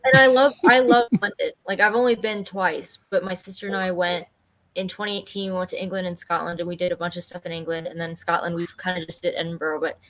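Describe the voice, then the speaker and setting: A woman's voice: fairly low pitch, fairly even intonation, quick pace, fairly bright tone, poor audio. A woman chatting on a casual podcast panel, talkative and full of "like" fillers. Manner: chatty, uses lots of fillers like "like". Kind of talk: casual chat.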